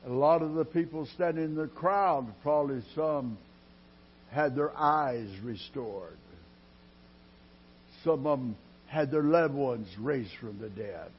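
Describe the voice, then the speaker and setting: A man preaching a sermon in a dramatic style, dropping to a hush and then rising loud, drawing his words out slowly. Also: fairly high pitch, slight background noise. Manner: dramatic preaching with sudden loud rises and quiet drops; slow, drawn-out delivery. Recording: dull lo-fi sermon recording.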